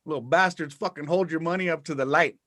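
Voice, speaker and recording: A man's voice: on the high side, quick pace. A man doing stand-up on a virtual comedy show, ranting with lots of swearing and acting out other people's voices over a video call. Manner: profane, animated ranting with acted-out voices. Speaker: stand-up comic.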